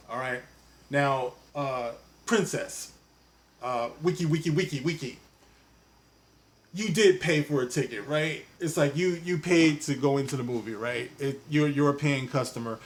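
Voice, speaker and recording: A man's voice: mid-range voice, a little slow. A man giving a casual commentary rant, rambling and repeating "you know what I mean". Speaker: commentary vlogger.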